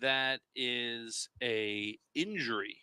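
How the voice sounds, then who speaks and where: A man taking his turn in a tabletop game, pausing and filling gaps while he works out his move. His voice is very bright and smooth, recorded close and dry. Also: medium pitch, dry recording. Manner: hesitant, thinks aloud with fillers. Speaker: player. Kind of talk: casual tabletop game talk.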